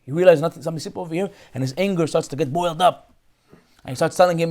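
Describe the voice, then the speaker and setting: Fast-talking rabbi telling a story. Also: male voice, fairly high pitch. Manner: animated, rapid storytelling with restarts. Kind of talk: Torah class storytelling.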